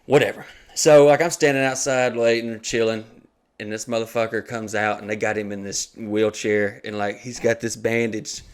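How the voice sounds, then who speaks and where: A man hosting a comedy podcast, telling stories in a loose, profane and animated way, often laughing. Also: lowish voice, normal speed, clear, resonant tone. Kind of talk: casual comedic storytelling.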